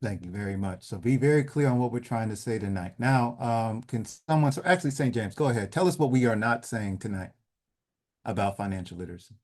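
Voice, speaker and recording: A man giving a measured lecture over slides in an online session, trailing off softly at the ends of phrases. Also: fairly low pitch. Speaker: presenter leading an online session. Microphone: video call.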